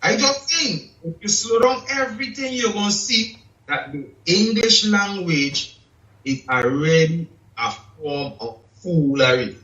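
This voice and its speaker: A man in casual chat, lecturing slowly and deliberately. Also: sits high, animated, sharp tone. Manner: slow, lecturing, asks "you check?". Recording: echoey room, distant dull mic.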